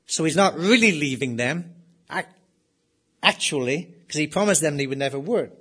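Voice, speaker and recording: A middle-aged male pastor delivering an expository sermon. His voice sits a little high for a man, and he moves between easy, conversational explanation and emphatic readings of scripture. He often poses rhetorical questions and then answers them himself. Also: animated, moderate pace, fairly bright tone, breathy edge.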